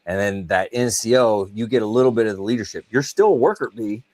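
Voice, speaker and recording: A middle-aged man talks like a retired Marine swapping stories on a podcast. His voice sits low, and it is recorded close and dry with no room sound. He rambles with fillers and easy asides. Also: animated, fast talker, darkish tone, dry recording. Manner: conversational, filler-heavy, reads audience comments aloud. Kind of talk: casual chat.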